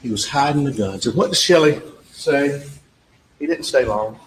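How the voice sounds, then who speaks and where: A man's voice: medium pitch, animated, moderate pace. A male trial attorney gives a closing argument in a courtroom, repeating points emphatically and talking straight to the jurors. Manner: emphatic, repetitive, talks directly to jurors, acts out witness exchanges. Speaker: trial attorney addressing a jury. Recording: echoey courtroom audio with faint background noise.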